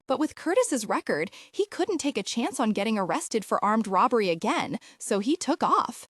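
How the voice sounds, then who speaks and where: A woman narrating a fiction audiobook with expressive storytelling. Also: a little high, normal speed, no echo, studio quality.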